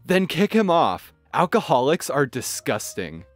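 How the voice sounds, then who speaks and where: A man voicing a shrill, entitled middle-aged woman passenger who talks in a slow, emphatic, demanding way. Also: big pitch swings, soft background music. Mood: indignant.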